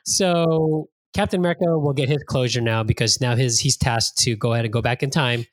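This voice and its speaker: A podcast host chats casually with animated energy, swearing freely and acting out his own reactions. His voice is mid-range and brisk, with no echo.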